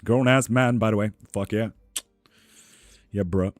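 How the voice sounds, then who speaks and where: A man's voice: lowish voice, measured pace, dry recording, faint music behind. A man in his thirties giving tarot readings on a live stream, chatting casually with viewers and joking as he reads their comments aloud. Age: 30s. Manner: laid-back, joking, chats with viewers. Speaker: livestream tarot reader.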